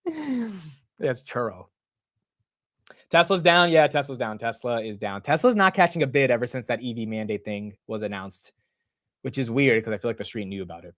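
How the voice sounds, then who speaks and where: A man's voice: medium pitch, no echo, studio quality. A young man hosting a live market stream, chatting casually about stock prices and answering his chat with "bro" and "dude". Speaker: livestream market commentator.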